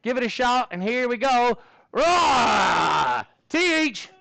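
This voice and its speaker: A man's voice: very high-pitched, fairly even intonation, brisk, a bit bright, clear, resonant tone, no room sound, rough recording. A man teaching a math class, upbeat and encouraging as he walks students through a problem. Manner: upbeat, encouraging, playful monster voices.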